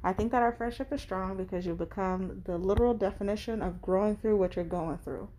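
Mellow woman, earnest message. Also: medium pitch, brisk, rough recording. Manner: earnest, speech-like. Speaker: friend leaving a birthday message. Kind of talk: prepared heartfelt message.

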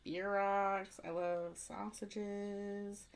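A woman co-hosting a casual chat, relaxed and rambling, with lots of fillers and casual swearing. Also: mid-range voice, drawn-out words. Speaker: podcast co-host.

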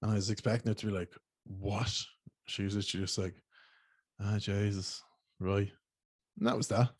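A man's voice: fairly low pitch, flat delivery, moderate pace, breathy edge, dry recording. A young Irish man telling rambling, slangy stories in a casual monologue and swearing freely. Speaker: podcast host.

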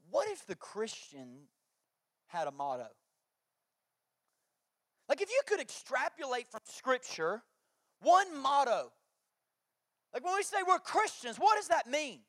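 A man's voice: extremely high pitch, sing-song, moderate pace, pauses often, fairly bright tone, dry recording, studio quality. A man, preaching a sermon through jokey family stories and acted-out quotes. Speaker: pastor.

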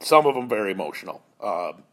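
A man's voice: on the low side, big pitch swings, brisk. A man in his fifties hosting a podcast, telling an emotional personal story in an earnest, heartfelt way that turns choked up at times. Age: 50s. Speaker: podcast host.

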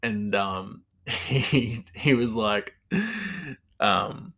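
A man's voice: low voice, unhurried, a bit bright. A man talking casually on his own, rambling and easygoing, with frequent laughter in his talk. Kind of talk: casual monologue.

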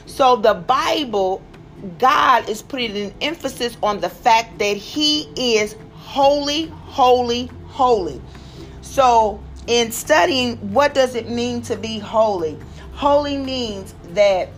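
A woman hosting a daily prayer program, teaching devotionally and stressing words by repeating them. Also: mid-range voice. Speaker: prayer host.

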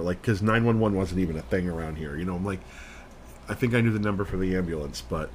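Low-voiced man telling a rambling story. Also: fast, slight background noise. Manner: rambling, animated, full of "like" and acted-out quotes. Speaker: podcast co-host. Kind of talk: casual storytelling chat.

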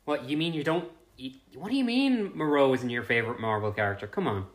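A man's voice: medium pitch, animated, brisk. A man co-hosting a podcast in casual chat, mostly giving short agreements and dry joking asides. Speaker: podcast co-host.

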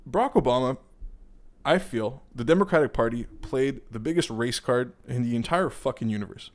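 A man's voice: medium pitch, expressive, moderate pace. A young Canadian man with a Canadian accent giving a rambling, profane political rant, heated and full of digressions. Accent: Canadian English.

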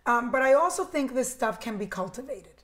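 Animated high-voiced woman with a New York accent. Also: brisk. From Cuba, raised in New Jersey. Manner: animated, emphatic storyteller. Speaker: interview guest, media executive. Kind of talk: casual conversational interview.

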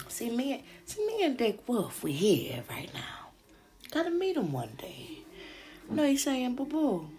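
A woman podcast host talking in a loose, slangy style, cursing freely and turning often to address her listeners. Her voice sits a little low, yet it swings widely in pitch. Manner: animated, slangy and profane, with frequent asides to listeners. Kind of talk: casual gossip commentary.

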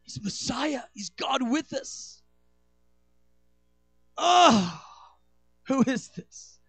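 A man with a notably high voice preaches a sermon. He races through asides, then slows down and builds to shouted, ringing declarations. The sound is close and dry, with faint music underneath. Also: very animated, vocal fry, husky, no echo. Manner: swings from quick asides to slow, shouted declarations. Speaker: pastor.

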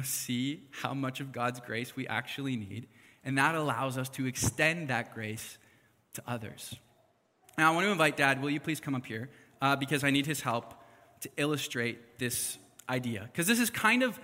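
A young man preaching a casual sermon, chatty and animated, with fillers and asides. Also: mid-range voice. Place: church hall. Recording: long hall reverb.

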